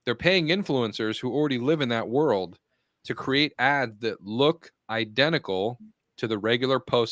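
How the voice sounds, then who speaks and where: A man co-hosting a podcast, explaining marketing ideas in a steady, matter-of-fact way. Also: mid-range voice, no echo, clean studio sound. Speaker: podcast co-host. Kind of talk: casual round-table chat.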